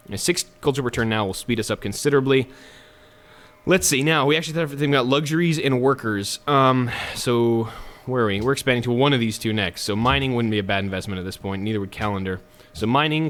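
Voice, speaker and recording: A man's voice: mid-range voice, a bit bright. A man giving casual, chatty gameplay commentary as a let's play host, with jokes and self-mocking asides.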